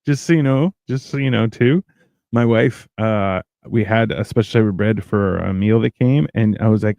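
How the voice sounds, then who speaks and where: A man's voice: lowish voice, normal speed, vocal fry, darkish tone, no echo. A Canadian man talks through a casual podcast in a rambling, joking way. He often slips into little acted-out bits of other people. The sound is dry and close, with no room around it. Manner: rambling, joking, acts out quoted voices. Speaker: podcast co-host.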